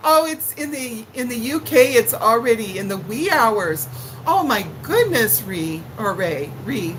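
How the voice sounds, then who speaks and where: A middle-aged woman talks slowly and chattily on a home livestream, calling out viewers' names in bright sing-song greetings. Her voice sits a little high for a woman. A faint hum of room ambience runs underneath. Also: animated, poor audio. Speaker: livestream cooking host. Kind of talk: casual live-stream chat.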